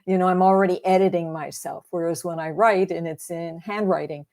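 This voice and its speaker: A woman grief coach speaks as a podcast guest, her voice sitting a little low. She explains things reflectively, pausing with fillers as she thinks aloud in a casual conversation. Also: fairly even intonation, a little mellow. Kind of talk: casual interview chat.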